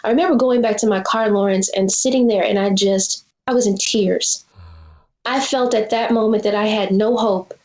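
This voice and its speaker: A woman's voice: medium pitch, fairly even intonation, normal speed, a little mellow, roomy sound, low-quality recording. A woman in her forties, a filmmaker being interviewed, telling a personal story in an earnest, reflective way. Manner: earnest, reflective, acts out quoted dialogue. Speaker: guest filmmaker.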